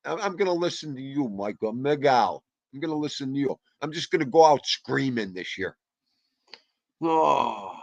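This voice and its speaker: A man hosting a livestream, rambling excitably and greeting viewers by name. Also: mid-range voice, a little slow, creaky, no room sound. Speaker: livestream host. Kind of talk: casual chat.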